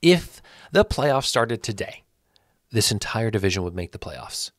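A man with a low voice talks through his picks in a casual solo commentary, correcting himself as he goes and growing animated when he rants. The sound is close and dry. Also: normal speed, dry recording. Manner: rambling, self-correcting, animated when ranting. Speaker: sports channel host.

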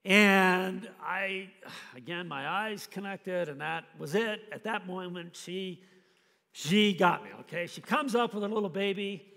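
A man preaching a sermon, telling a story with animated, acted-out scenes. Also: high voice, measured pace, vocal fry, long reverb tail. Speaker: pastor. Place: church hall.

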